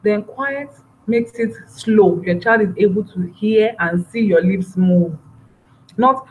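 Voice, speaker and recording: A woman giving a parenting training talk, lively and acting out parent and child voices as she explains. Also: mid-range voice, takes it slowly, a little hiss or hum, poor audio.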